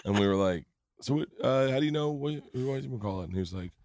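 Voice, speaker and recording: A man's voice: medium pitch, expressive, fast talker, darkish tone, slight background noise. A man hosting a podcast, telling a story in casual chat, often restarting his sentences. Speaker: podcast host.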